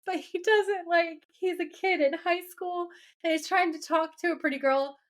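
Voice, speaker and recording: Her voice is very high-pitched and her pace moderate as she co-hosts a podcast, breezily summarizing a TV episode. She's animated, retelling scenes by acting out their dialogue.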